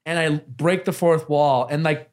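A man's voice: fairly high pitch, a little slow, a little mellow. Rambling young man telling stories. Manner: rambling storytelling with many fillers and restarts. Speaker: podcast host. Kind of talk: casual chat.

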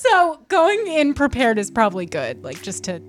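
A woman co-host on a podcast, telling stories in an animated way and laughing. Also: fairly high pitch, normal speed. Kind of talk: casual podcast chat.

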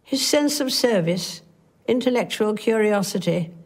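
A woman, giving a slow, measured formal address, heard from an archive clip. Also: mid-range voice, lively intonation. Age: 90s. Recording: archive clip played back.

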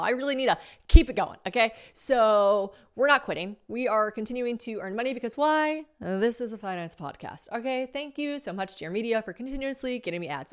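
A young adult woman hosting a solo podcast, telling stories in a chatty, animated way, acting out quoted dialogue and swearing casually. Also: on the high side. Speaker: podcast host.

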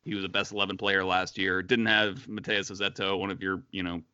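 A man's voice: low-pitched, little pitch movement, brisk, pushed and bright, smooth, dry recording, lo-fi sound. A man co-hosting a casual sports podcast, chatty, with many fillers and restarts. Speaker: podcast co-host.

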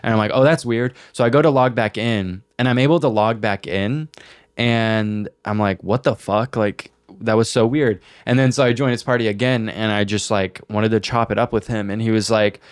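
A young man with a fairly low voice tells a story in casual podcast chat. He is animated and swears freely, and he jumps into the voices of the people in his story. The sound is close and dry. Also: normal speed, clean tone, no room sound. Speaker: podcast co-host.

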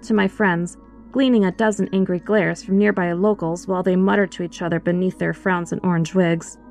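A woman reading a first-person horror story aloud in an expressive, scripted storytelling voice, with faint music behind her. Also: lowish voice, fairly quick.

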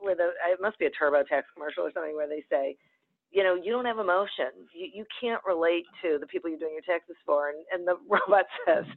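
Man, interviewer, agreeable, brief affirmations, somewhat high voice, tinny phone-line sound. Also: fast. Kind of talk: conversational interview.

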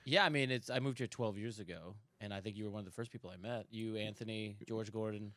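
A man in his thirties, a stand-up comedian, chatting as a podcast guest and telling animated stories. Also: on the low side, fast, dry recording. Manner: animated storyteller, acts out quoted voices. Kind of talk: casual podcast chat.

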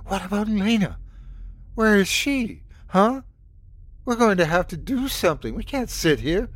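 A man's voice: fairly high pitch, big pitch swings, normal speed, no echo, pitched above the performer's own voice. A man voicing a frightened woman trapped in a car, talking in a shaky, sarcastic, urgent way. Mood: panicked.

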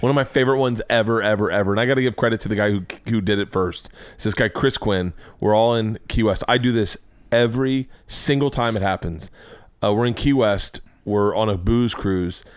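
A man's voice: fairly low pitch, fairly quick, clear, resonant tone, no room sound. A middle-aged man hosting a podcast, telling funny stories in casual chat, giggling hard and swearing freely. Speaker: podcast host. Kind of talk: casual comedic storytelling chat.

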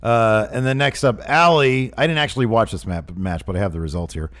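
A man's voice: medium pitch, animated, brisk, a bit bright. Man, casual podcast co-host, rambling and amused, lots of uhs. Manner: rambling, filler-heavy, amused. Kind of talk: casual wrestling news chat.

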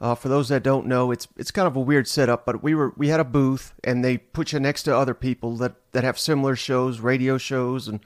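A man's voice: medium pitch, brisk, hardly any pauses, dry recording, studio quality. A man hosting a podcast in casual chat, telling stories and teasing his guest. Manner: teasing, relaxed storyteller. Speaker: podcast host.

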